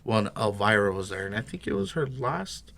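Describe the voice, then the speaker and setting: A man's voice: on the low side, big pitch swings, moderate pace, creaky, a bit bright. A man, a guest on a podcast, telling his business story in an easygoing, casual way. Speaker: guest, bag maker. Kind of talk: casual interview chat.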